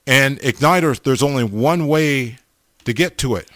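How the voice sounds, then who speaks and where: A man's voice: medium pitch, a little slow, a bit bright, no room sound, clean studio sound. A man preaching a sermon, blunt and emphatic, stammering over restarts and repeating himself for stress.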